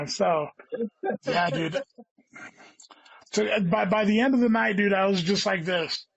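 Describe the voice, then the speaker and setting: A man's voice: sits high, slow pace, gravelly, dry recording. A man, a guest comedian, telling a long casual story and swearing often, saying "dude" all the time. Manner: rambling, heavy swearing, says "dude" constantly. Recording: dull lo-fi sound.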